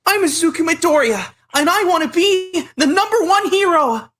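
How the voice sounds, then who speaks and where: A man doing an impression of an eager young male anime hero, shouting in a high falsetto. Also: animated, normal speed. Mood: excited.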